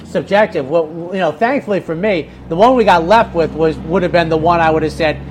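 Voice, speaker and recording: A horse-race handicapper with a fairly quick, high-ish voice swaps stories on a casual racing talk show, with slight background noise. He's an animated storyteller who often repeats words as he starts a thought.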